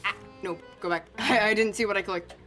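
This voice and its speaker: A woman's voice: mid-range voice, fairly quick, a bit bright, faint music behind. A woman streamer giving casual, joking commentary as she plays, swearing freely and talking to herself.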